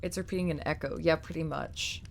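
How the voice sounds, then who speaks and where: A woman's voice: sits low, steady tone, fairly quick, creaky, a little hiss or hum. A young woman streaming live, chatting casually and ranting with swears and mocking quotes. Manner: rambling, swears, ranty with mocking put-on quotes.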